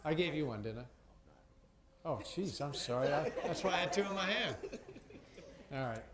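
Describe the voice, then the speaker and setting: A middle-aged senior naval officer jokes casually with sailors while handing out coins at a base event, his fairly high voice expressive and jovial at a moderate pace. A loud crowd fills the large base venue, and the recording carries a roomy echo.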